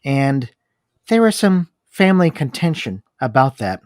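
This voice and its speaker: A man's voice: medium pitch, big pitch swings, measured pace, no echo, clean studio sound. A man co-hosting a discussion, reading long book passages aloud and commenting on them. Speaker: podcast co-host.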